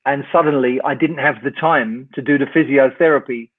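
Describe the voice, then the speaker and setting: An older man spins a long, wry story, slipping into the voices of the people in it. His pitch sits mid-range for a man. The sound comes through a thin, tinny call line. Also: normal speed. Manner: lively raconteur, wry, acts out the dialogue. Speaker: guest, rock singer. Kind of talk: storytelling anecdote in an interview.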